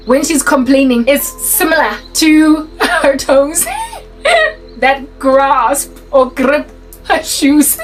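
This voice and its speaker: Animated, high-voiced woman. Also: extremely slow, music in the background, rough recording. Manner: animated, laughs often mid-story. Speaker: faith vlogger. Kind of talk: casual storytelling.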